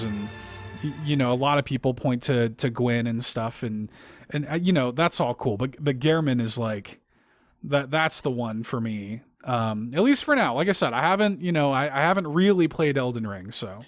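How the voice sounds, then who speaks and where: A man co-hosting a podcast, talking in a halting, emotional way, with many restarts and fillers. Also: medium pitch, expressive, no room sound, soft background music. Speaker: podcast co-host. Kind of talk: casual podcast discussion.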